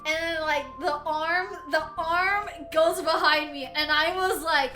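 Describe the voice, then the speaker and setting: A young adult woman streamer telling a story to her chat in a casual, animated way, laughing often and swearing freely. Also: very high-pitched, normal speed, soft background music. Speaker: livestreamer.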